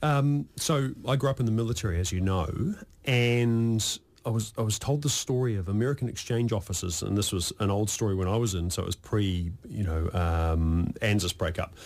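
A man's voice: lowish voice, normal speed, few pauses, darkish tone. A New man hosting a casual radio chat, joking and often stumbling and restarting his sentences. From New Zealand. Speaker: radio host.

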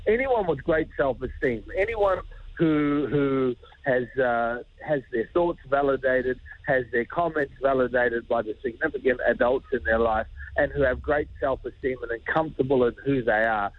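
A man's voice: medium pitch, normal speed, no echo, narrow, tinny audio. A middle-aged man, a charity founder speaking earnestly and informally as a radio guest. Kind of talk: radio interview.

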